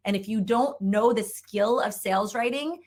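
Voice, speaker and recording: A woman's voice: medium pitch, moderate pace. A middle-aged woman giving an upbeat, emphatic conference talk on sales writing as a trainer, repeating points for effect.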